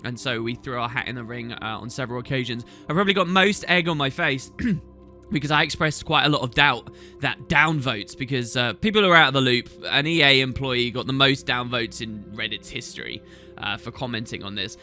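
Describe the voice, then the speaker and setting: Guy doing a casual q&a for his gaming channel, super bright voice, kinda rambly, thinking out loud. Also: mid-range voice, brisk, soft background music. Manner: rambling, chatty, thinks aloud. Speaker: gaming channel host answering viewer questions. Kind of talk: casual Q&A chat.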